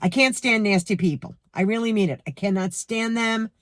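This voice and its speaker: A middle-aged woman with a New York accent ranting to her viewers about a rude cashier, heated and animated, speaking to them directly. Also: medium pitch, moderate pace, no echo. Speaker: vlogger. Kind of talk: storytime rant to camera.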